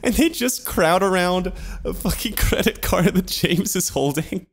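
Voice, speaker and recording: A man's voice: high voice, expressive, a little slow. A man, podcast co-host, telling a rambling story in casual chat, swearing and laughing often.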